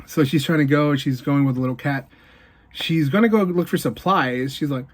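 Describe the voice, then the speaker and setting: Animated man recapping a movie. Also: fairly high pitch. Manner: animated retelling, filler-heavy, quick asides. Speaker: movie reviewer. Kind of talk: casual spoken movie review.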